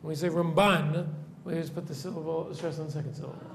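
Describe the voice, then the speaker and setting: High, gravelly-voiced rabbi lecturing a class. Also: male voice, fairly even intonation, rapid-fire, dark tone, a little hiss or hum. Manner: explanatory, tags "right?" onto nearly every point; asks the class questions. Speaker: rabbi teaching a seminary class. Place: classroom with students.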